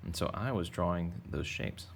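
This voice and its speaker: A man's voice: low voice, normal speed, gravelly, slightly rough. A man teaching a drawing lesson for kids, talking in a playful, rambling, jokey way as he draws. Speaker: art teacher.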